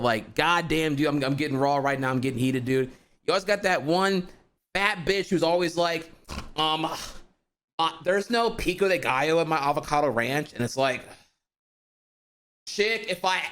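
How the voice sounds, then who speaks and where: Homem exaltado, desabafando com palavrões. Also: male voice, fairly high pitch, fairly bright tone. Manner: heated, profane, rambling with many fillers. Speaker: streamer. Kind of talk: casual ranting monologue.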